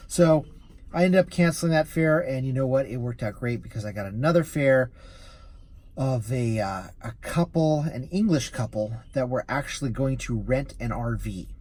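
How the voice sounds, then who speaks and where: A man's voice: mid-range voice, normal speed, darkish tone. A man who drives for rideshare, telling a story in a casual vlog, easily amused and rambling with restarts.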